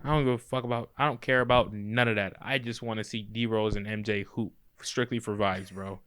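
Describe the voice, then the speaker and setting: A man's voice: lowish voice, fairly even intonation, fairly quick, fairly bright tone, clear, resonant tone. A young man co-hosting a casual sports podcast, brash and swearing casually. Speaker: podcast co-host.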